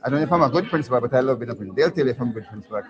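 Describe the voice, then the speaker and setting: A middle-aged Jamaican school principal talking casually to students at a career day, telling jokey stories and often asking "right?". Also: male voice, mid-range voice, lively intonation, very fast. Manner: storytelling, jokey, asks the crowd "right?". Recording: muffled recording with a crowd around.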